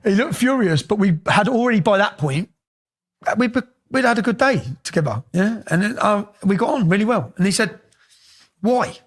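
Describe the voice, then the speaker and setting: A middle-aged English man telling stories casually as an interview guest, animated and swearing freely. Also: sits high, a little fast. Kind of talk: casual storytelling.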